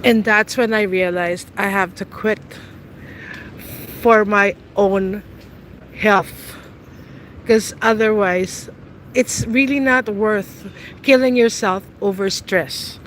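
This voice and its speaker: Woman, middle-aged, teasing, laughs a lot, unhurried, outdoor street, faint traffic hum. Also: mid-range voice, fairly even intonation, a bit bright, low-quality recording. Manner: chatty, teasing, laughs often. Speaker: vlogger. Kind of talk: casual chat with live viewers while walking.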